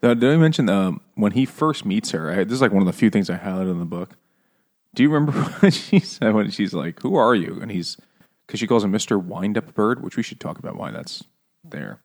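A man with a somewhat low voice talks loosely about a novel with friends. He laughs a lot, swears freely and jumps into animated quotes of the characters. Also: brisk. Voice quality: profane, laughing often, animated quoting. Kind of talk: casual book discussion.

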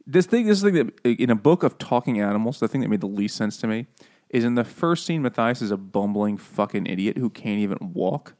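A man's voice: lowish voice, animated, a little fast, darkish tone. A man co-hosting a casual book-club podcast, joking, swearing and acting out silly voices while retelling the story. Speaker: podcast co-host.

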